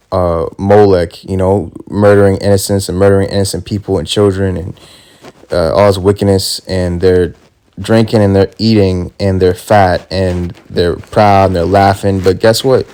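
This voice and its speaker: Emphatic low-voiced man preaching. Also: darkish tone. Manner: emphatic, drops "man" at ends of lines; reads scripture slowly and deliberately. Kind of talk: street-style sermon with scripture reading.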